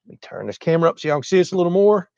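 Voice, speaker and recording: A man's voice: sits high, big pitch swings, rapid-fire, mellow, smooth, no echo, lo-fi sound. Easygoing Southern man on a livestream. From Florida. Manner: chatty, drawling, laughs often. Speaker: livestream host. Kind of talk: casual livestream chat reading comments.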